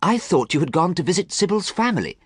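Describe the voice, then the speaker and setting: A man voicing an anxious, earnest male painter in a high, strained, pleading tone, recorded close and dry. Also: sing-song, quick pace, breathy edge, no echo, heavily acted. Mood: worried.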